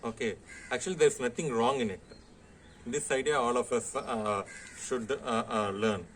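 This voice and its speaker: Man, Indian English accent, college lecturer, halting delivery, lots of "uh" and "okay", mid-pitched, faint background hiss. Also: a bit bright. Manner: hesitant, heavy "uh" fillers and frequent "okay". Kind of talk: classroom lecture.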